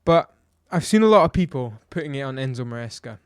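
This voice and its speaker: A man with a medium-pitched, expressive, clean voice talks quickly in a dry, studio-quality recording. In his opinionated match review vlog he gives a blunt, exasperated football review, ranting and firing off rhetorical questions.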